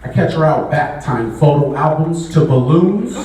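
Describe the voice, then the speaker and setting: At a live show in a big echoey venue, this Bay Area comedian banters with the audience in a relaxed, chatty stand-up routine. His slightly high voice has lively intonation at a normal pace, recorded from a distance with faint background noise.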